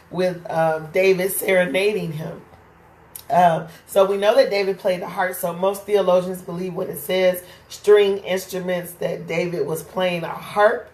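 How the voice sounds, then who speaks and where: A woman with a lowish voice leads an informal Bible study, her sound roomy. Her tone is conversational, and she frequently asks "right?" to check in.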